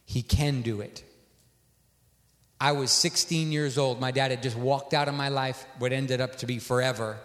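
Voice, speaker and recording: A male preacher delivering a sermon in an animated storytelling manner, acting out dialogue. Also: medium pitch, moderate pace. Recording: long hall reverb.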